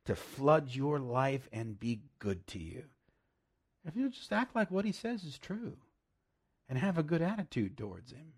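Husky-voiced guy preaching, pitch jumping all over, punchy then hushed. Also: big pitch swings, measured pace. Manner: emphatic, swings between loud bursts and hushed asides; laughs often, direct and plain-spoken. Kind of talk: sermon.

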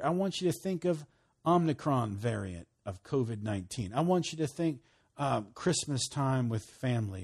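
Husky man preaching with lively swings. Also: medium pitch. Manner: emphatic, swings between loud bursts and hushed lines. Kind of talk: sermon teaching.

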